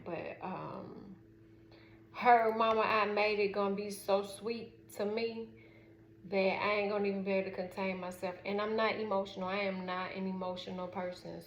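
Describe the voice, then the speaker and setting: A middle-aged woman with a Southern US drawl speaks frankly and loosely, stopping often on fillers as she tells her story. Her voice sits at an ordinary middle pitch. The room is echoey, with a faint hiss of background noise. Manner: frank, rambling, with lots of fillers. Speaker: mother. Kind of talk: casual storytelling vlog.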